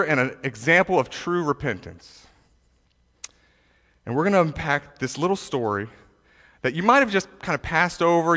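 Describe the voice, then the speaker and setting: A man delivers a sermon with animated, emphatic preaching, often repeating and restarting his words. His voice sits high and sounds bright and forceful. The sound carries a long reverb, like a large hall. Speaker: pastor.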